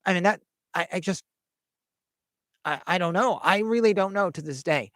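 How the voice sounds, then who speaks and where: Man, livestream host, storytelling, hesitant, repeats words, slightly high voice, dry close sound. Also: moderate pace, fairly bright tone, no echo.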